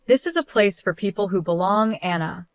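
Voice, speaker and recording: A smug, spiteful woman with a syrupy, falsely sweet way of talking, read by a woman narrator. The delivery stays at a middling pitch. The sound is dry and close. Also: animated, moderate pace, dry recording, natural voice. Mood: sugary, mocking. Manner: overly sweet, fake concern. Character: smug spiteful woman, sister-in-law type.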